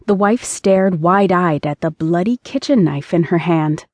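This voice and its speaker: Mellow woman narrating an audiobook. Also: lowish voice, measured pace, no echo.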